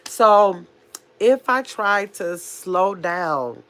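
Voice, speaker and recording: Fast-talking nasal woman in her fifties. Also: fairly low pitch, lively intonation, fairly bright tone. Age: 50s. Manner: talks very fast, blunt and chatty. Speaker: livestream host. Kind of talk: casual livestream chat reading comments.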